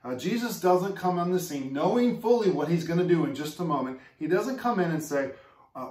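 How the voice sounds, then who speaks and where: A man's voice: on the high side, lively intonation, fairly quick, a little mellow. A man preaching a sermon as pastor, in an earnest, conversational way and putting questions to his listeners. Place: church sanctuary. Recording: echoey room, mic far off.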